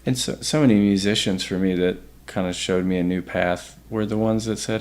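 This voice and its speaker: A man talking casually as a podcast guest, reflective and halting, restarting his sentences often. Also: deep voice, fairly even intonation, darkish tone. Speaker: podcast guest, host's partner. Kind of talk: casual conversation.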